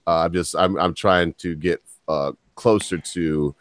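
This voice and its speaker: An American podcast host reads news articles aloud, breaking off for blunt, mocking asides. His low voice has fairly even intonation and a measured pace, captured in a dry recording.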